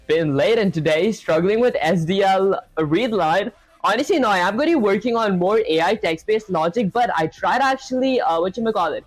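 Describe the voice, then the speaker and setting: A man's voice: sits high, dry recording, poor audio. A man hosting a live coding stream, chatting casually and rambling with lots of fillers. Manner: rambling, loose, full of fillers.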